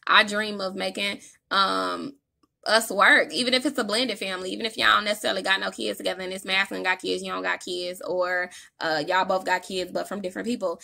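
A woman's voice: medium pitch, creaky, sharp tone. A woman giving a casual tarot reading, talking in an emphatic, slangy, profane way. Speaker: tarot reader.

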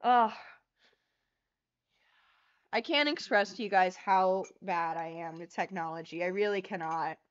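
A woman's voice: on the low side, moderate pace, hardly any pauses, clear, resonant tone. A young woman hosting a casual livestream, flustered and laughing as she swears through tech trouble. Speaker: livestream host. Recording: lo-fi stream audio.

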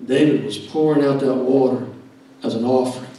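A middle-aged man, preaching a sermon in a folksy, joking way that swings from quiet asides to loud shouting. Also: mid-range voice, brisk. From Alabama. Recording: echoey church hall from far off.

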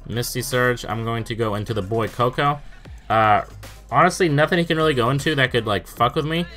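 Young man, bright voice, casual gameplay commentary, swears a lot, stammers and exclaims, faint game music behind. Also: mid-range voice, a little fast. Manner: swears often, stammers in bursts, exclaims in disbelief. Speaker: gaming YouTuber.

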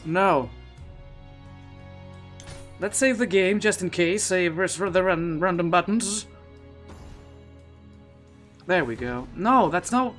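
Using his own streaming mic, a male Twitch streamer comments on his gameplay live in a loose, rambling way. His voice is on the high side with a fairly bright tone, and he frequently restarts his sentences.

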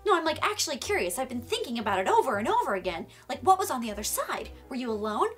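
High flustered young woman. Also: big pitch swings, fast talker, faint music behind. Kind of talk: teen web series acting.

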